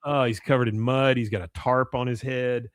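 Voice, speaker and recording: A man's voice: medium pitch, steady tone, moderate pace, no room sound, studio quality. A man hosting a podcast in casual chat, retelling scenes and quoting characters' lines with frequent laughter. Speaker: podcast host recapping an episode.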